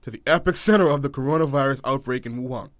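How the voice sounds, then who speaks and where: A man's voice: medium pitch, fast talker, dry recording, clean studio sound. A man co-hosting a casual podcast, laughing often and stumbling over repeated fillers. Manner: giggly, stammers with repeated fillers. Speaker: podcast co-host. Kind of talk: casual chat.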